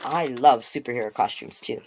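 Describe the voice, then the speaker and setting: A woman reading picture books aloud to children, with chatty, animated asides to the viewers. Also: a bass voice, moderate pace, vocal fry, slightly rough. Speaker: storytime reader.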